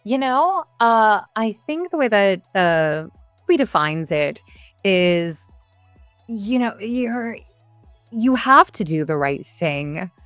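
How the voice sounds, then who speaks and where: A woman's voice: mid-range voice, very animated, slow pace, fairly bright tone, no room sound, soft background music. A woman voice actor answering interview questions in a thoughtful, hesitant way, with many fillers and restarts. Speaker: voice actor guest.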